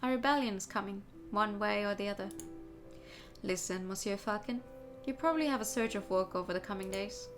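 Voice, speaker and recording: A woman's voice: medium pitch, a little fast, soft background music, close to an everyday voice. Woman reading as suave fox detective Vulpes. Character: suave male fox private investigator.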